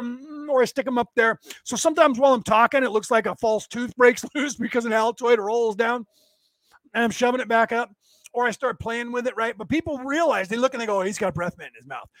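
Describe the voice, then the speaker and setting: High-voiced man ranting profanely. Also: a bit bright, no room sound. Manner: profane, rambling, laughing at his own jokes. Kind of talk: profane comedic rant. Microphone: desk setup.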